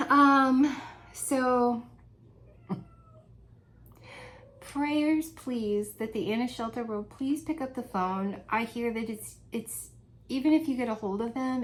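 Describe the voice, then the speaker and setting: A woman's voice: a little high, slight background noise, rough recording. A woman vlogging from home in a casual, chatty, rambling way, laughing often as she talks. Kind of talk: casual chat.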